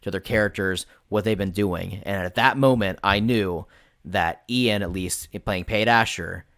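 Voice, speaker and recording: A man hosting a podcast over a voice call, telling a tabletop game story in an animated way and swearing freely. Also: on the low side, a little slow, no echo, studio quality. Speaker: podcast host and game master. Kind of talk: casual storytelling chat.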